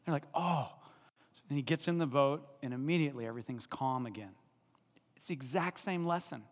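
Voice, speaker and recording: A male pastor preaching an animated sermon, laughing often and acting out the people in the story. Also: mid-range voice, quick pace, in a large hall.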